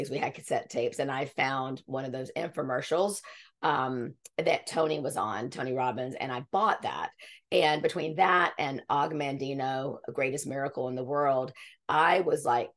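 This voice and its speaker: A woman in her fifties, a podcast guest telling her story in an earnest, rambling way, often restarting her sentences. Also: rumbling low. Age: 50s. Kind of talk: conversational interview storytelling.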